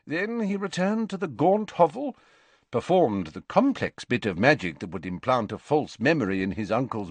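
A wise old wizard speaks calmly and patiently, his measured voice lifting and falling with plenty of expression, as a man puts him on. His tone rises a little above the reader's own. The audiobook recording is close and dry. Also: mid-range voice, husky, dry recording. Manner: measured, gently explaining. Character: old male wizard headmaster, calm and measured. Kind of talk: audiobook character reading.

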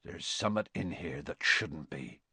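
A man voicing a huge, gruff gamekeeper with a rough in a storybook reading. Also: mid-range voice, very animated, moderate pace, pushed and bright, no room sound, exaggerated voice. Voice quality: gruff, blunt.

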